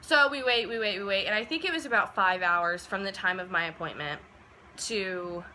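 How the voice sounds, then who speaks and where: A young woman of about twenty tells a personal story in a casual vlog. Her voice is very bright and her tone is chatty. She fills her speech with "like" and "um", and she acts out the quoted lines with animation. A faint hiss sits under her voice. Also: mid-range voice, moderate pace, poor audio. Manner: chatty, full of "like" and "um" fillers. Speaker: vlogger.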